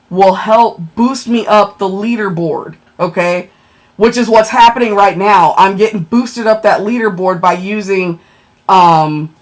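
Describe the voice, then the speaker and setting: A woman chatting on a livestream, excitable and emotional as she thanks viewers for gifts and checks her ranking. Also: medium pitch.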